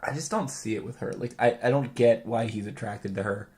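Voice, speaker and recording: A man's voice: medium pitch, darkish tone. Incredulous male podcast host. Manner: incredulous, rapid questioning. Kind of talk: casual podcast chat.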